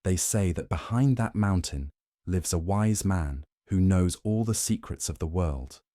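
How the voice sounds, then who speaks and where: A man's voice: low-pitched, unhurried, warm tone, dry recording, clean studio sound. A man voicing a lazy, dismissive village husband who grumbles about work. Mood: boastful. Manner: yawning, dismissive.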